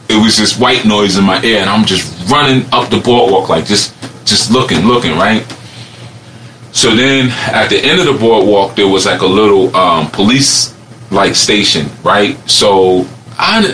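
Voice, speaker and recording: A man with a very low voice and a forceful, bright edge tells a reflective personal story. His delivery is rambling and animated, and he laughs often along the way. Faint background noise sits under his voice. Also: normal speed.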